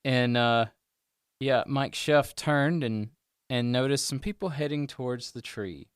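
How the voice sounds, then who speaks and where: A man runs a tabletop game as game master, relaxed and chatty. His voice is smooth and full, recorded dry on a close podcast mic. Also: medium pitch, a little slow, dry recording.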